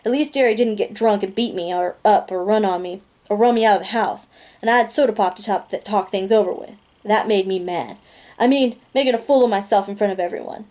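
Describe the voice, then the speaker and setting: A woman reading a novel aloud in a steady, plain narration, with small slips and restarts along the way. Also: mid-range voice, fairly quick. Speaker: reader.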